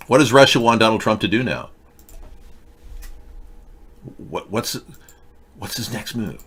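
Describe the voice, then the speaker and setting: Sarcastic low-voiced male host. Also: big pitch swings, a little slow, pauses often, fairly bright tone, husky. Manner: mocking, sarcastic, jumps between bits and rants. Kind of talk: sarcastic political talk show.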